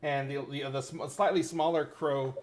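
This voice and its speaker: A man's voice: medium pitch, steady tone, normal speed, a little hiss or hum. A man narrating as game master of a tabletop role-playing game, loose and full of fillers.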